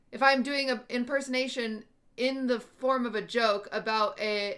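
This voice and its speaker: A woman streamer talks casually to her live chat, working through her thoughts aloud and often admitting she is unsure. Her voice sits a little high and has a sharp, bright edge. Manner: thinking aloud, questioning, unsure. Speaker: livestream host.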